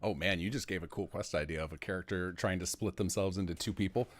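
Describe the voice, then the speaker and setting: A man's voice: sits low, quick pace. A man hosting a modding livestream, chatting casually and enthusiastically with his guest. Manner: enthusiastic, organizing. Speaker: stream host, game modder.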